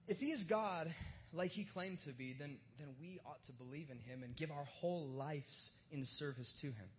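A man preaching a sermon with a notably high voice. He talks loosely and jokes with everyday slang, like he's chatting with the congregation. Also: expressive, normal speed. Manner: casual and joking, uses slang. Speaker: pastor. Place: church service in front of a live crowd.

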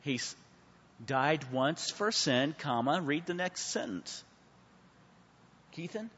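A man teaching a Bible class in a church hall. He preaches with sudden swings from hushed to loud and asks the class questions, calling on people by name. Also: a little high, expressive, slow pace, breathy edge. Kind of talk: Bible study sermon. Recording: muffled sound with a long hall reverb.

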